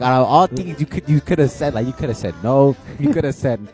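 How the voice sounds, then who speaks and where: A man telling stories in a casual chat, animated and slangy, acting out what people said. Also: medium pitch, a little fast, hardly any pauses, soft background music. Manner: animated storytelling, acting out quotes, slangy and swearing. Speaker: podcast storyteller.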